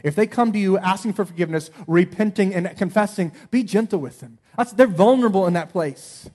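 Earnest pastor guy preaching, kinda high voice, goes quiet then really pushes. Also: brisk. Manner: earnest, swings from soft to emphatic. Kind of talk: sermon.

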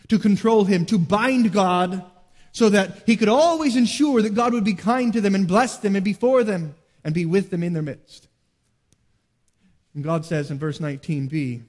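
A man preaching a sermon as pastor, earnest, rising to emphatic peaks and dropping low. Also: darkish tone, in a large hall.

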